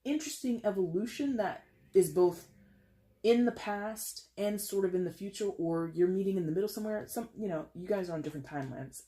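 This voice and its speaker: A woman's voice: lowish voice, dark tone. A woman giving a casual tarot reading, talking in a chatty, rambling way with playful asides and lots of filler words. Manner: chatty and rambling, full of "you know" and "like"; playful asides and quick laughs. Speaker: tarot reader.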